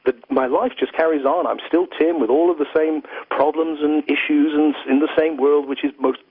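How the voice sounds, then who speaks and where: A man's voice: a little high, fairly even intonation, brisk, slightly rough, no room sound. A man from England, a philosopher giving an interview, talking in an earnest, flowing way with many "you know"s. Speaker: philosopher and guest. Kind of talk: reflective interview talk. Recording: tinny phone line, dry.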